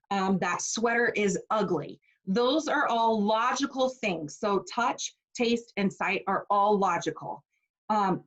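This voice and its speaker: A woman's voice: mid-range voice, low-quality recording. A woman in her forties teaching a casual online class, chatty and personal with plenty of fillers. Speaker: essential oils class teacher.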